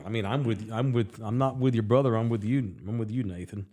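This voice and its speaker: A man's voice: lowish voice, brisk, hardly any pauses, dark tone. A man hosting a sports talk show, ranting in a blunt, heated, profane way and reading out listener comments. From Texas. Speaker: sports radio host. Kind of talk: casual opinionated sports talk.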